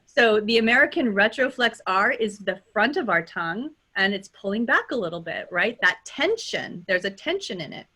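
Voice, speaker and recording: A woman with a Californian accent, teaching as a dialect coach and demonstrating sounds in a lively way, often checking in with "right?". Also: medium pitch, normal speed, few pauses, breathy edge. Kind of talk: teaching pronunciation in a workshop.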